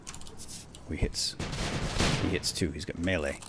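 A man hosting a let's play video, commenting on a boss fight with excited exclamations. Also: rumbling low, a little slow, pauses often, background noise. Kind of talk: gameplay commentary.

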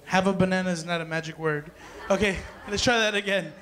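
A man's voice: high-pitched, steady tone, brisk, pushed and bright. A man working as a children's party magician, playfully joking with the kids and calling out to the crowd in a party hall. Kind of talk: live party magic show patter. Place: party hall with dance floor.

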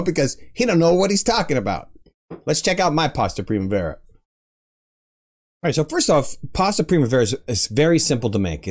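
A man hosting a casual cooking tutorial, chatty and joking, with self-mocking asides. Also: medium pitch. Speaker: cooking show host.

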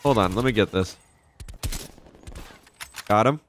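A young man casually commenting as he plays a video game, excitable and profane, reacting out loud to the action. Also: lowish voice, slow, a little hiss or hum. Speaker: gaming channel host. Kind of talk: casual let's-play commentary.

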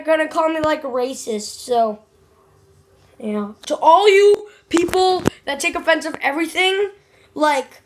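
Brief: high-voiced young woman vlogger, rambling and dramatic, casual chat. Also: noisy background.

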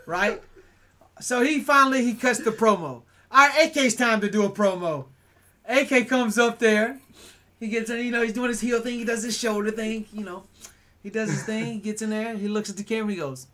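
Animated man telling a story. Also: high-pitched, normal speed. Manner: animated, acts out quotes, keeps adding "right?". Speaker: podcast host. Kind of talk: casual storytelling chat.

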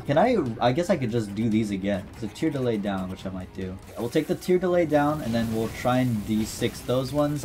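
A man's voice: fairly low pitch, a little mellow. A man giving casual, jokey commentary over his gameplay, reading item descriptions aloud and talking back to the game's character. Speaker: gaming YouTuber.

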